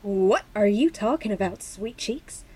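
A woman's voice: medium pitch, lively intonation, unhurried, darkish tone, slightly rough. A woman voicing a brassy, sassy young American fiancée in a comedy audio drama, with an American accent.

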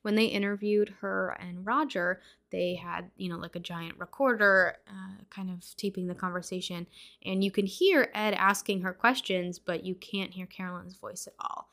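A woman's voice: mid-range voice, steady tone, normal speed, gravelly, fairly bright tone. A young woman hosting a podcast, casually recapping a horror movie scene by scene with lots of fillers. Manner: chatty, with frequent fillers. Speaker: podcast host.

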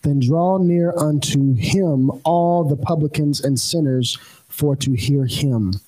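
Male congregant, husky mellow voice, reads verse slowly. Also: a little high, rough recording. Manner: slow, deliberate scripture reading. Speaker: congregation member reading scripture.

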